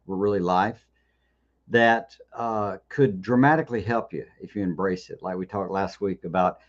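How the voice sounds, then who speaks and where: A man hosts a live Q&A, his lowish voice coming through dull audio. He talks loosely and conversationally, restarting sentences often and repeating words.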